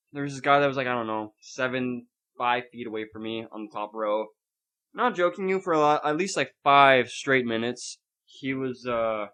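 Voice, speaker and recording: A young man co-hosting a podcast, rambling and swearing as he tells a story in casual chat. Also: medium pitch. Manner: rambling, animated, swears a lot, acts out scenes. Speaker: podcast co-host.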